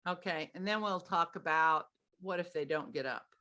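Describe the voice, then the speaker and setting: A middle-aged woman giving parenting advice in casual conversation, animated and acting out what parents and kids say. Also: lowish voice, moderate pace. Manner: animated, acts out parent and child lines in a sing-song voice. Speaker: parenting expert guest.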